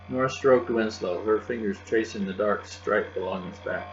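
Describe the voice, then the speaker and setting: A man reading a children's novel aloud in a steady, gentle narration. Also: lowish voice, moderate pace, few pauses. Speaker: audiobook narrator. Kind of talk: children's book read aloud. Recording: dull lo-fi with faint music and hum.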